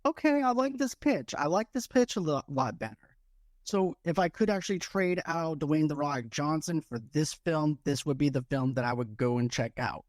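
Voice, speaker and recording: A man co-hosting a podcast, chatty and jokey, thinking each film pitch through out loud. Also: moderate pace, no echo, clean studio sound. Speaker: podcast co-host. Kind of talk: casual podcast chat, mock pitch role-play.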